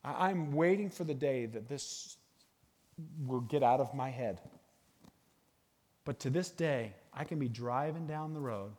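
A middle-aged man giving a guest sermon in a church, animated and jokey, talking to a live audience. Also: mid-range voice, unhurried, long pauses. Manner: animated, jokey, bursts into sung movie lines. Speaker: guest speaker. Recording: long hall reverb.

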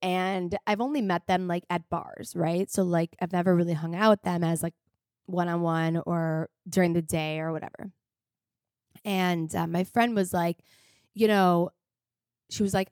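A woman's voice: lowish voice, fairly even intonation, normal speed, a little mellow, clear, resonant tone, dry recording, studio quality. A young woman hosting a podcast, telling a personal story in a rambling, filler-heavy way, emotional and at times tearful. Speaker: podcast host. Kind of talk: casual confessional monologue.

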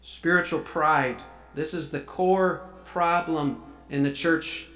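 A man preaching in an earnest, expository way, his voice sitting a little high for a man. He is recorded in a roomy, echoing church. A guitar plays faintly behind him. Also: fairly even intonation, slow, a bit bright. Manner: earnest expository preaching, reading scripture aloud. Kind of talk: sermon. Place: church sanctuary.

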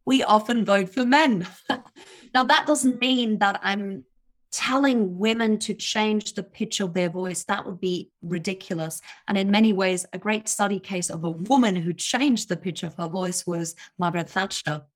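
A woman's voice: medium pitch, unhurried. A woman giving confident, emphatic expert advice as a guest in a podcast interview, laughing now and then at her own points. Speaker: communication coach, guest.

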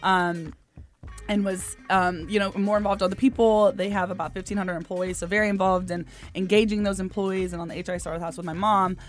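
A woman guest on a radio show, recounting her career path in a relaxed, soft-spoken way. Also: mid-range voice, brisk, soft background music. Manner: relaxed storyteller, soft-spoken, with many ums and asides. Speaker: guest, company founder. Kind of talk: casual radio interview.

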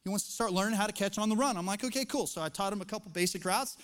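A man's voice: high-pitched, steady tone, very fast, a bit bright. A middle-aged man preaching a sermon as pastor, conversational and joking, then building to emphatic points, recorded in a church sanctuary. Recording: long reverb of a large church hall.

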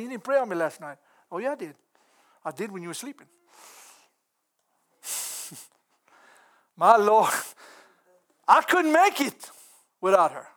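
A man with a high voice preaches in a folksy, earnest way. He is middle-aged and breaks into chuckles as he talks. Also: a bit bright. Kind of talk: sermon.

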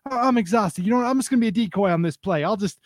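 A man's voice: high-pitched, rapid-fire, dry recording, studio quality, voice pushed up, lightly acted. A man putting on a comic impression of a lazy, self-important male basketball star-owner from a comedy film. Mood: whiny. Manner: whiny, exaggerated comic impression. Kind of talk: comic movie impression in chat.

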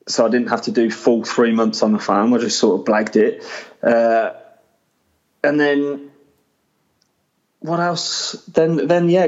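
Brief: guy in his thirties, easygoing storyteller, lo-fi muffled mic. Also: medium pitch. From England. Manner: relaxed, rambling, self-deprecating. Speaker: podcast guest. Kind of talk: casual storytelling chat. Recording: dull lo-fi sound.

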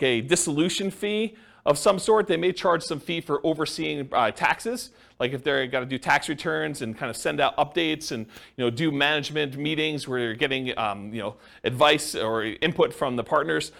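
A man's voice: a little high, gravelly, a bit bright. A man giving a conversational classroom lecture on real estate partnerships, checking in with his listeners and using many fillers. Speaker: real estate investing instructor.

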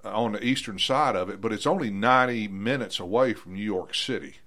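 Folksy host, lowish bright voice, opinionated. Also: male voice, brisk. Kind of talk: casual chat.

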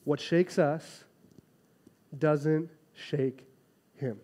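Guy in his 30s preaching, kinda high voice, talks to the crowd casual, lots of "right?". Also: very slow. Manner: animated, conversational preaching with frequent "right?" asides. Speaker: pastor. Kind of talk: sermon.

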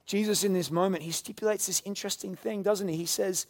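A man preaching a sermon, swinging between loud emphatic lines and hushed quiet ones. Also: sits high, fairly even intonation, fast talker. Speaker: pastor.

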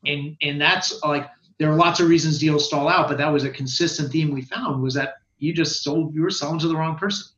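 A man talking as a guest on a podcast, explaining sales findings in an animated way, with quick bursts and frequent restarts. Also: a little high. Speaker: guest expert on sales research. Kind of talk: casual podcast conversation. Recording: roomy, dull lo-fi sound.

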